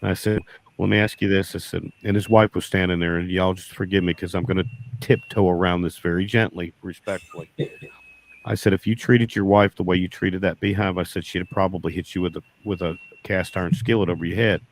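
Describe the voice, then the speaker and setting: A man's voice: low-pitched, steady tone, brisk. A man telling a folksy story as a beekeeper guest, often quoting himself with "I said". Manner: folksy, repeats "I said" in quoted dialogue. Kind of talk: casual storytelling.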